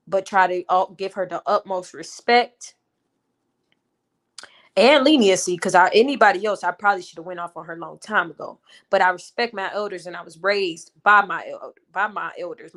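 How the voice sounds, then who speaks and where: A woman's voice: fairly low pitch, a bit bright. Twenty-something woman venting on her vlog, emphatic, talks right to the camera like it's her friends. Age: 20s. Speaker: vlogger and mother. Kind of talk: casual storytelling vlog.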